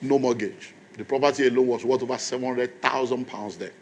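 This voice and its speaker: A man's voice: mid-range voice, fairly even intonation, brisk, a little mellow, slight background noise. A man, a pastor telling a story in a sermon in an emphatic, conversational way.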